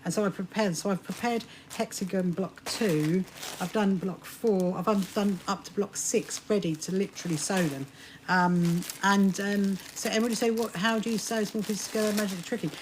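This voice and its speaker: A woman's voice: mid-range voice, fairly even intonation, normal speed, slight background noise. A woman hosting a sewing live stream, chatting casually and rambling through restarts as she talks to viewers. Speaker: sewing livestream host.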